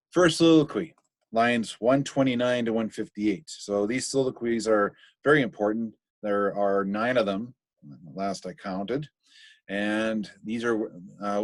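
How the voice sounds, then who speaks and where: A man's voice: lowish voice, dry recording. Casual male literature teacher. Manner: casual, thinking aloud with fillers and restarts. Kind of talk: recorded online literature lesson.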